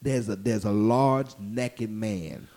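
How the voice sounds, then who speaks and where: A man's voice: fairly low pitch, slow pace. A young adult man, a comedian, telling a story in casual chat and acting out the voices of the people in it. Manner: animated, acts out voices while telling stories.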